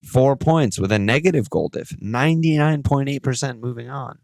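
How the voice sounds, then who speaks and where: A man hosting a podcast alone, talking in an excitable, rambling way and swearing often. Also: mid-range voice, normal speed, gravelly, dry recording. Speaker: podcast host. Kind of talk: solo casual podcast talk.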